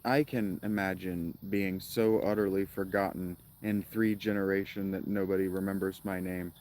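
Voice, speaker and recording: Male streamer, lower voice, loose rambling commentary with sarcastic jokes. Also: little pitch movement, moderate pace, darkish tone. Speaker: gaming streamer. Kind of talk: casual gameplay commentary.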